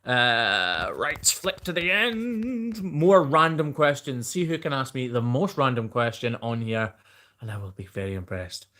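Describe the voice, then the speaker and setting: A Scottish man with a mild accent hosts a live Q&A stream, reading out viewer questions and answering them off the cuff in a chatty way. His mid-range voice is bright and forceful, with lively intonation at a normal speed.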